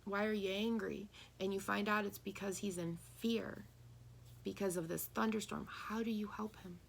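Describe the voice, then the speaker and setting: A woman's voice: medium pitch, fairly even intonation, moderate pace, gravelly, slight background noise. A woman reading tarot and channeling messages, talking earnestly and asking listeners rhetorical questions. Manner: earnest, rhetorical questions, acts out quoted voices. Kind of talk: spiritual channeling talk.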